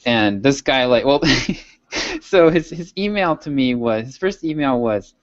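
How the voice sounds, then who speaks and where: A man co-hosting a podcast tells a rambling story in casual chat, breaking into laughs along the way. His voice sits at an ordinary pitch. The recording is dull and dry, with no room sound. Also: lively intonation, a little slow, dry recording. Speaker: podcast co-host.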